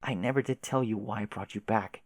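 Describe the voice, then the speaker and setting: A man reading aloud and voicing a patient companion who speaks to a grieving girl in a gentle, hushed, coaxing way. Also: on the low side, fairly quick, no room sound, pitched below the performer's own voice, lightly acted.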